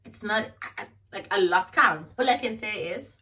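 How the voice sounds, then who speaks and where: A woman's voice: medium pitch, normal speed, distant mic. A young woman from South Africa with a South African accent, telling a dramatic storytime vlog and slipping local-language phrases into her English. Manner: animated, dramatic, mixes English with Xhosa and Zulu phrases. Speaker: vlogger.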